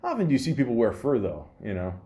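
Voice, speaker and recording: A man's voice: medium pitch, huge pitch swings, racing, dark tone. A man hosting a comedic podcast, reading out trivia and breaking into rambling, profane asides full of fillers. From Canada. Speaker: podcast host.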